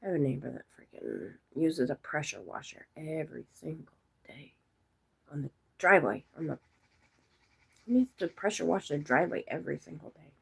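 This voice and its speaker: A silly, giggly woman rambles to her viewers in a loose, casual chat, laughing often. Her voice is gravelly and a little husky, sitting fairly low but swinging widely in pitch. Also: expressive, normal speed. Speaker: vlogger chatting with viewers.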